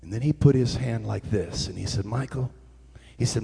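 Gravelly preacher man, echoey hall. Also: mid-range voice, moderate pace, very noisy. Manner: animated, swings from hushed to shouting. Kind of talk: sermon storytelling.

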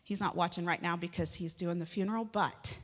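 A woman's voice: on the low side, steady tone, brisk, slight background noise. A woman pastor preaching a sermon in a church, chatty and joking, with sudden emphatic rises. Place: church sanctuary. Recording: long hall reverb.

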